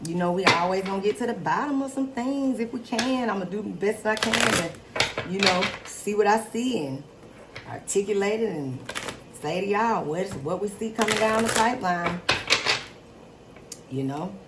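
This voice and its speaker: A middle-aged woman giving a casual tarot reading on her channel, chatty and excitable, talking straight to her viewers. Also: medium pitch, moderate pace. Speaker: tarot reader and channel host. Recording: noisy background hiss.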